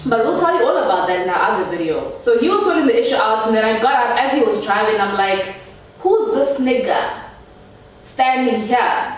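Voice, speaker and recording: A woman's voice: fairly high pitch, expressive, quick pace, recorded from a distance, a little hiss or hum. Young South African woman, storytime vlogger, chatty and laughing; recorded a bit off-mic in an echoey room. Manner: chatty, laughing, talks straight to viewers. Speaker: YouTuber. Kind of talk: storytime vlog.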